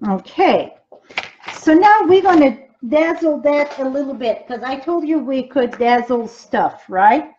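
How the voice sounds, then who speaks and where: A woman's voice: high-pitched, lively intonation, unhurried, a little mellow, highs cut off, a little hiss or hum. A woman leading a live-streamed craft demo, chatting straight to her viewers as she works, with loose grammar and frequent ums. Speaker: craft demonstrator and team leader. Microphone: device mic from a live video stream.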